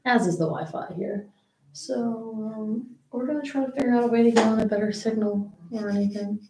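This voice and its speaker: A woman's voice: fairly high pitch, fairly quick. A young woman co-hosting a podcast in casual chat, rambling with fillers, recorded in a small room. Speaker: podcast co-host. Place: small room in a school library. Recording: echoey small room, faint background noise.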